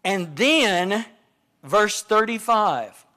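A man's voice: high voice, lively intonation, very slow, sharp tone. A man teaching a Bible study class, repeating phrases for emphasis and asking rhetorical questions.

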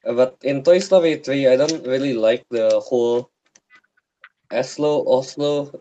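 A man's voice: mid-range voice, a little slow, warm tone, slight background noise. A man with an Indonesian accent co-hosting a casual podcast, talking hesitantly. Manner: hesitant, many fillers and restarts. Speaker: podcast co-host. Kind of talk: casual chat. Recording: dull lo-fi sound.

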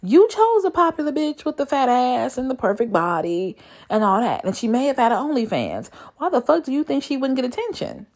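A woman's voice: brisk, hardly any pauses. A young woman telling a dating story in a casual vlog, profane and exasperated, with her voice leaping up in disbelief. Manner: animated, profane, exasperated storytelling with sudden high squeals of disbelief. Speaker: vlogger.

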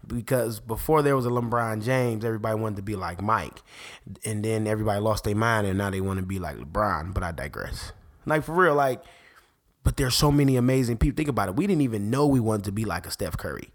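A man, a parent, hosting a faith podcast in an excitable, rambling monologue that keeps interrupting itself. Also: fairly low pitch, fast. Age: adult parent. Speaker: podcast host.

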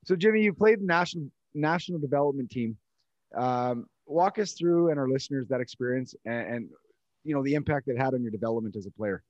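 Co-host, middle pitch, dry close mic, playful teasing tone. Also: male voice, fairly quick, a little mellow, no room sound, highs cut off. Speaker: podcast co-host. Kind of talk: casual interview chat.

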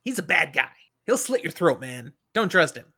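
A detached young leader who states things flatly and plainly, as a man reads him out. The voice is bright in tone and the delivery is unhurried. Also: on the high side, husky, exaggerated voice.

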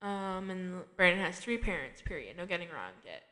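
A woman's voice: lowish voice, very animated, brisk, pushed and bright, big-room sound. A woman hosting a podcast, recapping a TV episode in a chatty, filler-heavy way with frequent asides. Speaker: podcast host. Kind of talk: casual chat recapping a TV episode.

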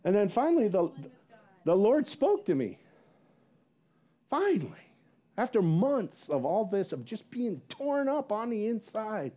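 A man's voice: a little slow, long pauses. A male pastor preaching a sermon as a rambling personal story, acting out what people said with big swings in his voice and laughing at himself. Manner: animated, acts out quotes with big pitch jumps; rambling with many fillers and self-laughs.

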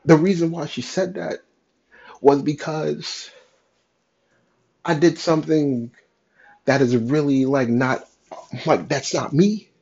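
Slow gravelly man, raw and cursing. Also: on the high side, steady tone, a little mellow. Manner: raw, cursing, emotional, halting. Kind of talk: confessional monologue. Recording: dull lo-fi sound.

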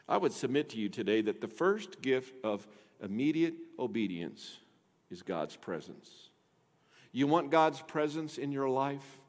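A man preaching a sermon. His voice swings from hushed and low to loud and emphatic, he repeats phrases, and he stretches out key words. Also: sing-song, unhurried, in a large hall. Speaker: pastor.

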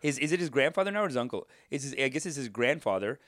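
Fast-talking, excitable man, casual chat. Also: mid-range voice, no room sound, studio quality. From Canada. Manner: fast, excitable, says dude a lot.

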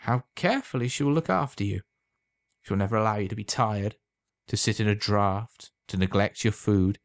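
A sly old potion seller, calm and knowing, who lets every promise slip out smooth and unhurried, as a man reads him aloud. His voice sits low and quietly insinuating, recorded close and dry with no room around it. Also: dry recording, natural voice.

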